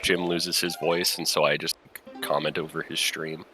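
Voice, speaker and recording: A man's voice: very deep voice, flat delivery, normal speed, over music. A man commentating a live game tournament in a casual way, explaining the game's logic and thinking aloud.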